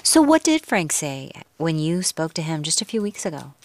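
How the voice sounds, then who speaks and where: Woman news anchor, low calm voice, dry studio sound. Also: normal speed, no echo. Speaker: news host.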